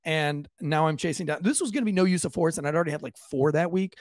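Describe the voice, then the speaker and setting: A police officer casually tells a lively, profane story on a podcast, acting out the voices of the people involved. He talks fast at a fairly high pitch, with no echo.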